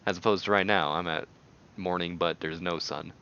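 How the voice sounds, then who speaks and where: A man's voice: sits low, fairly even intonation, normal speed, bright, forceful tone, smooth, muffled recording. A man hosting a casual game playthrough, rambling and joking as he reads along. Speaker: let's play host. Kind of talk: casual gameplay commentary.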